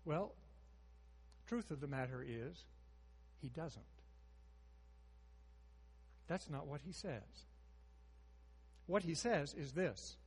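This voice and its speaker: A man in his sixties preaching a sermon, moving between hushed storytelling and emphatic rises. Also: fairly high pitch, animated, takes it slowly, pauses often, husky, long reverb tail.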